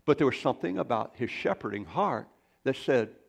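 A male pastor delivers his sermon in a mid-pitched voice with a rough, gravelly edge. He preaches like a storyteller, folksy and loose, often breaking off into rambling asides. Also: animated, a little fast.

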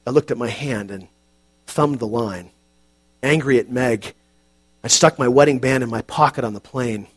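A man calmly narrating an audiobook in a measured, quiet, reflective way. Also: medium pitch, husky.

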